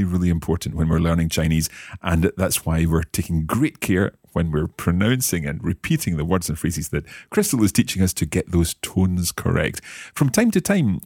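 A man hosting a podcast language lesson, asking questions and slowly repeating new phrases to practise them. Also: low-pitched, a little mellow, husky, no room sound, clean studio sound. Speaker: language lesson host and learner.

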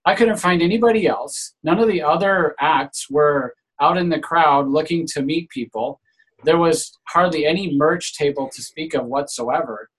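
A man's voice: fairly high pitch, normal speed, husky, low-quality recording. A man casually telling a story on a group call, earnest and a little aggrieved.

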